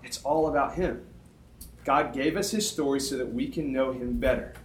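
A middle-aged man preaching as a youth pastor, animated and conversational, often checking in with "okay?". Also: mid-range voice, moderate pace, slight background noise. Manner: animated, conversational, self-deprecating, frequent "okay?". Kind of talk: sermon. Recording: echoey room.

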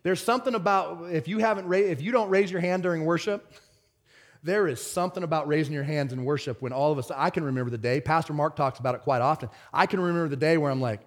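Fiery preacher man, loud and earnest. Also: on the high side, fast talker. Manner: swings from shouted excitement to quiet earnest talk. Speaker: pastor. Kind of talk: sermon.

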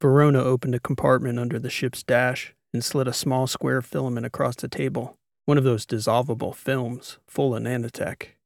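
A man narrates a first-person sci-fi audiobook, telling the story in a wry, conversational way. His voice has a gravelly grain. The recording is close and dry, with no room sound. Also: mid-range voice, little pitch movement, normal speed, hardly any pauses, no room sound.

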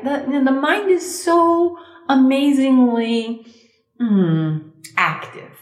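A middle-aged woman, a sound healer speaking as a guest in a conversational interview, expressive and emphatic, leaning on slow repetitions. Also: high-pitched, reverberant. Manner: expressive, acts out inner thoughts in quoted voices.

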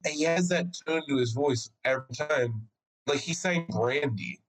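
Speaking at a moderate pace in a voice on the high side, a man co-hosts a podcast over a low-quality recording. He tells a story in profane, casual chat, animated and acting out what people said.

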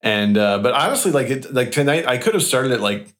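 A man co-hosting a podcast, talking about his evening in a relaxed, self-mocking way. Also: medium pitch, a little fast. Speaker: podcast co-host. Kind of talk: casual chat.

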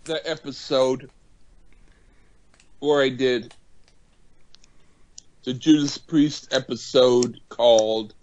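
A man co-hosting a podcast in casual banter, swearing a lot and yelling at his friends in jest. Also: medium pitch, takes it slowly, long pauses, muffled recording. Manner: profane, excitable, yells in jest. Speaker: podcast co-host.

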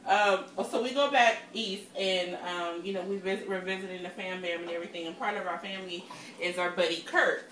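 A woman co-hosting a podcast from her kitchen, telling stories in a casual, animated way, laughing often and swearing freely. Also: on the low side, brisk, echoey room, recorded from a distance, noisy background. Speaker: podcast co-host. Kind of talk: casual storytelling chat. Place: home kitchen.

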